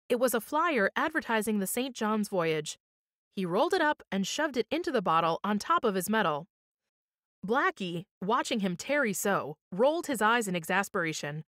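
A woman reads a children's story aloud with an expressive, lively voice that rises and falls a lot. She is on a close studio mic, and her voice sounds dry and close. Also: medium pitch, normal speed, no room sound. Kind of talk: scripted narration.

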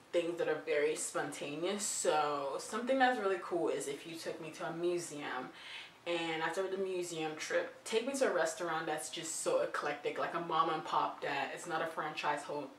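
A woman's voice: low-pitched, moderate pace, a bit bright, slight background noise. A young woman vlogger chatting playfully through tag questions, with giggly asides. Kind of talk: casual chat answering tag questions. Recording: roomy, distant from the mic.

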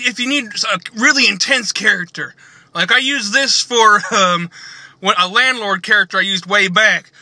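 Goofy high bright-voiced young man. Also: dry recording. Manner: goofy, jumps into silly voices, laughs a lot. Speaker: comedy YouTuber. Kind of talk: comedic video tutorial.

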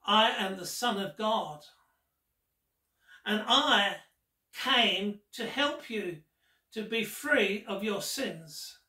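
A man voicing a slow, gentle Jesus. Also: sits high, lively intonation, full character voice. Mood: earnest. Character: gentle male Jesus speaking kindly. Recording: roomy echo, distant mic.

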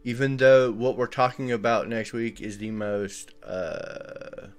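A man with a Southern US accent hosting a casual podcast chat, relaxed and chatty with fillers. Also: medium pitch, takes it slowly, faint music behind. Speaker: podcast host.

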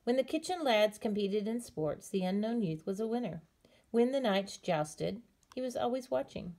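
Woman, storybook reader for a class, warm mellow tone, gentle unhurried delivery. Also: mid-range voice, lively intonation. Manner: gentle, unhurried reading with small slips. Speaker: teacher reading aloud. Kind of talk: storybook read-aloud.

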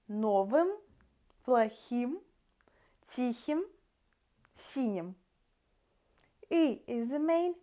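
A woman with a Russian accent gives a language lesson in a fairly high voice. She talks at an unhurried, deliberate pace and calls her viewers dear friends. She stops often to sound out word endings one by one. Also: a little mellow. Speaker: language teacher.

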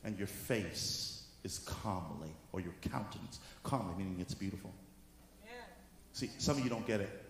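A male apostle preaching a sermon, moving from soft teaching into shouted exhortation. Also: sits low, expressive, moderate pace. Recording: echoey hall with faint room noise.

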